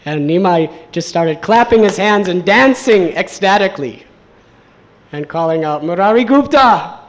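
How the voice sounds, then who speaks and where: A man with a fairly high voice, acting as both storyteller and preacher, delivers a devotional story in sermon form. He keeps a measured pace but speaks animatedly, repeating words for emphasis.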